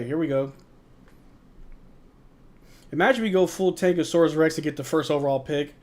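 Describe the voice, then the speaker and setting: A man's voice: on the high side, moderate pace, long pauses, a little mellow. A young man hosting a live watch-along, calling the plays in a tired, yawning way and answering viewer chat. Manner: tired, yawning, drowsy play-by-play; reads viewer chat aloud and replies. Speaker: live stream host.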